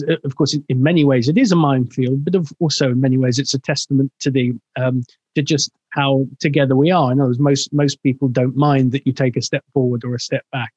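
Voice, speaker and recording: A man's voice: mid-range voice, a little mellow, dry recording. A man hosting an interview, asking long, meandering questions with many fillers and restarts. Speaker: interview host. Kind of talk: conversational interview. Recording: dry, dull lo-fi sound.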